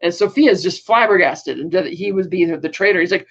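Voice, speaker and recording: A man's voice: high voice, fairly quick, vocal fry, few pauses, a bit bright, dull audio. A man co-hosting a podcast, recapping a TV episode in a rambling way with many fillers. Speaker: podcast co-host.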